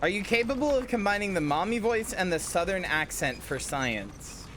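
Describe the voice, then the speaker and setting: Animated, giggly woman streamer. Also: medium pitch, moderate pace, slight background noise. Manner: giggly, animated, self-deprecating. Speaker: game streamer. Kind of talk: casual live-stream chat while gaming.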